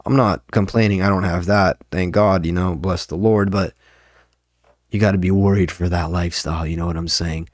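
A man's voice: low voice, fairly even intonation, normal speed, no room sound, clean studio sound. A young man and open mic comedian, rambling and swearing a lot in a casual podcast monologue. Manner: rambling, profane, ranting.

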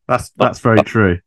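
A man's voice: fairly low pitch, dry recording, studio quality. A man co-hosting a podcast in casual chat, chatty and fond of tag questions. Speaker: podcast co-host. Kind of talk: casual chat about a TV sitcom.

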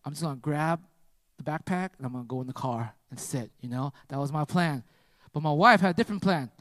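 High-voiced, emphatic preaching man. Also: brisk, no room sound. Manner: emphatic, repetitive preaching, rising to loud peaks; relaxed storytelling with many "right?" asides. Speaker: pastor. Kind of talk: sermon with personal story.

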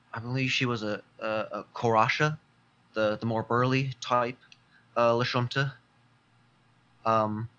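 Man player, slow halting storyteller, bright voice, muffled lo-fi mic. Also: mid-range voice. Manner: unhurried, halting, with many fillers. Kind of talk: in-character description in a tabletop game. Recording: dull lo-fi mic.

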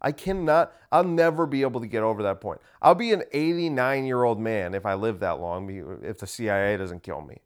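A man's voice: lowish voice, lively intonation, brisk, hardly any pauses, smooth. A man hosting a casual solo podcast, ranting sarcastically and swearing freely. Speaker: podcast host.

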